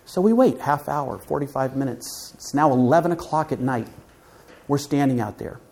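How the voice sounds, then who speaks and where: A man telling a personal story from the pulpit as guest speaker, lively and vivid, with frequent restarts. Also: mid-range voice, moderate pace. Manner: animated, vivid retelling with restarts. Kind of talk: storytelling sermon. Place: church.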